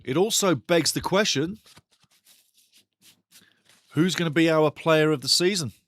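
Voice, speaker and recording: A man hosting a live football watch-along, commenting on play with excitable, sweary banter aimed at his chat. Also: fairly high pitch, unhurried, no room sound, studio quality.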